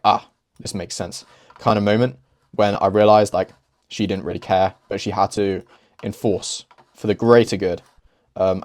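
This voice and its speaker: Chatty young man, low voice. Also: darkish tone. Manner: rambling, laughing, chatty. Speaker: host. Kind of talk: casual chat over gameplay.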